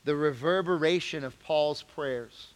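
A man teaching a youth group Bible lesson as a youth pastor, conversational and animated, rising to emphatic questions. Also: a little high, unhurried, big-room sound.

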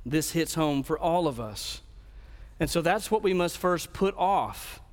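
A man preaches an earnest expository sermon, often restarting his phrases. His voice sits a little high for a man. Long reverb trails after him through the hall. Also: animated, measured pace. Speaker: pastor.

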